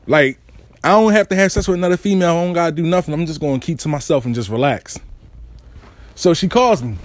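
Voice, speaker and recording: Profane animated male storyteller. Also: on the high side, fast. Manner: profane, animated street slang. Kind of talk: casual storytime.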